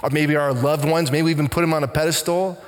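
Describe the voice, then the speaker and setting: A pastor delivers an earnest, heartfelt sermon, his fairly high voice circling back on words as he searches for them. The sound carries a long reverb from the church around him. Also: fairly even intonation, fast.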